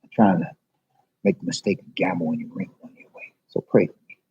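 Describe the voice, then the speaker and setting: A man's voice: sits low, fairly quick, slightly rough. A man in a public library rambling emotionally and confessionally on a livestream to his viewers. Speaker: vlogger. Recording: dull lo-fi livestream audio.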